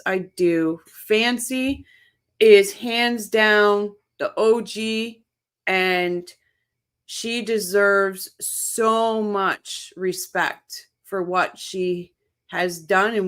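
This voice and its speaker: A woman hosting a casual livestream, chatting excitedly, laughing often and reading viewer comments aloud. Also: mid-range voice, smooth. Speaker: livestream host. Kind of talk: casual live-chat commentary.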